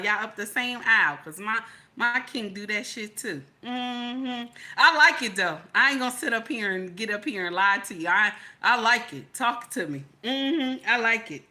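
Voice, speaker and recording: A woman's voice: a little high, animated, normal speed. A woman hosting a live stream, reading the chat aloud in a sassy, teasing, chatty way. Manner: sassy, teasing, chatty with loud laughing outbursts.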